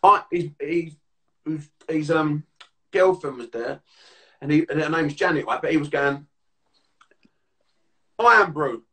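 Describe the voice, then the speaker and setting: A man's voice: fairly high pitch, fairly even intonation, moderate pace, pushed and bright. A man in casual chat, explaining things plainly and telling funny stories. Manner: explanatory, then anecdotal and laughing. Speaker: co-host.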